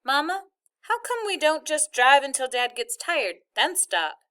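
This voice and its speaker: A woman's voice: sits high, very animated, measured pace, pushed and bright, pitched above the performer's own voice, full character voice. A woman reading a novel aloud, voicing a curious young boy who asks his mother eager questions.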